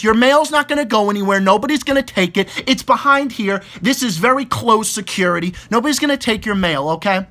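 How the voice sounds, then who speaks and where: Young guy venting about work, high bright voice, swears a ton, keeps tripping over his words. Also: animated, a little fast, hardly any pauses. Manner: exasperated, swears constantly, repeats words and restarts. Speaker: vlogger ranting about work. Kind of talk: profane casual rant.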